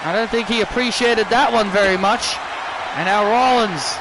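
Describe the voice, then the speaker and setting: A man giving excitable play-by-play commentary on a wrestling video game, often repeating himself. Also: sits high, normal speed, over a noisy crowd, very noisy.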